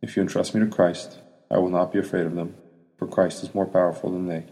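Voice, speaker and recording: A man's voice: sits low, flat delivery, quick pace, dark tone. A man reading as a desperate young woman pleading. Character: distraught young woman begging forgiveness. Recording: long hall reverb.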